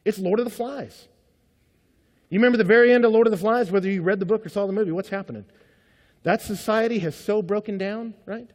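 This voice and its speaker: A pastor preaching a sermon as a man, telling stories with energy and dropping from loud to hushed. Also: sits high, quick pace, big-room sound. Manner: animated storytelling, swings between loud and hushed.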